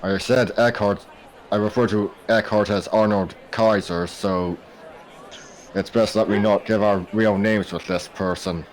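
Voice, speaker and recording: A man playing a tabletop game, speaking in character in a measured, proper way. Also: fairly low pitch, steady tone. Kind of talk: in-character role-play.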